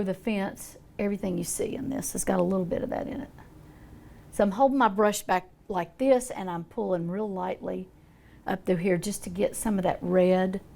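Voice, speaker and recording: A woman's voice: mid-range voice, vocal fry, darkish tone. An older woman demonstrating a painting, talking in a chatty, folksy way as she thinks aloud. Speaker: art teacher.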